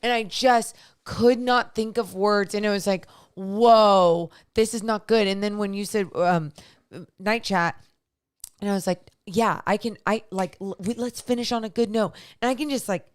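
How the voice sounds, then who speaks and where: Tired, teary woman co-hosting a podcast. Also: mid-range voice. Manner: tired, emotional, rambling. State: close to tears. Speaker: podcast co-host. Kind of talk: casual chat.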